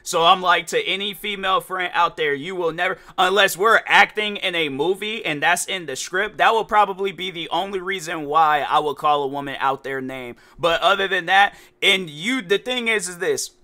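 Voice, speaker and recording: Young man, solo podcast host, casual rambling storytelling, slightly high pitch, very bright. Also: normal speed, few pauses. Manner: rambling, animated storytelling with many fillers.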